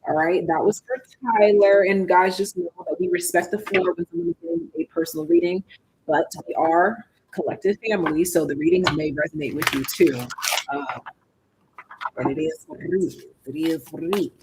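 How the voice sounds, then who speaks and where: A tarot reader on a live stream, talking lively and sassy straight to viewers and calling them baby and darling, jumping between high and low. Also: normal speed, heavy background noise.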